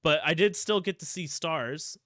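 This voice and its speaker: A man's voice: fairly high pitch, a little slow, fairly bright tone, no echo, studio quality. A young man from Ohio, co-hosting a podcast, telling rambling stories full of swearing. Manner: profane, rambling storytelling with frequent swearing. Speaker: podcast co-host. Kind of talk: casual chat.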